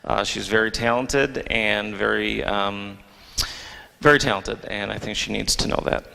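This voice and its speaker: A man at a school awards ceremony gives a casual, joking speech, full of ums and little restarts. His voice is bright and forceful, and it rings with the long reverb of a big auditorium. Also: lowish voice, fairly even intonation, unhurried, creaky. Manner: joking, hesitant with many ums. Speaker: theater director presenting awards. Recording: long reverb of a large hall.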